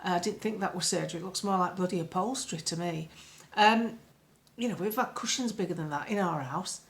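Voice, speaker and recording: A woman's voice: lowish voice, brisk. Blunt, sarcastic woman. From United Kingdom. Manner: blunt, sarcastic, frequently annoyed. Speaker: political commentator vlogger. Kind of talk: casual talk to camera.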